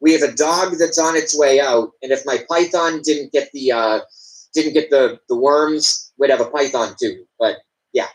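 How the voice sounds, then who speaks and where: A man's voice: medium pitch, moderate pace, poor audio. A man calling into a live show over a video call, telling a goofy story with hesitant restarts. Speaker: call-in guest.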